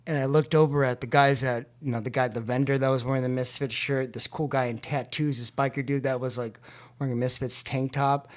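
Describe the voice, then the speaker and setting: A man's voice: medium pitch, fairly even intonation, brisk. A man from California, a podcast guest, telling his recovery story in an earnest, heartfelt way.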